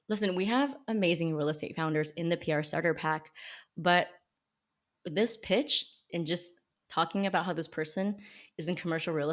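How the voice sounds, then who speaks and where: A woman coaching on public relations, casually critiquing examples with emphatic jumps in pitch and quiet, low asides. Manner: emphatic, with big pitch jumps when reacting. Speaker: small business PR coach and podcast host. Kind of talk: casual critique read to camera.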